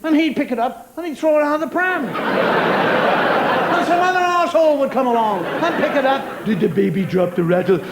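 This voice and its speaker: Male stand-up comedian, wry and conversational, playing to a studio crowd; voice sits very high. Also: normal speed, heavy background noise. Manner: chatty, wry, talks straight to the audience. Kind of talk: stand-up monologue. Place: TV studio with a live audience.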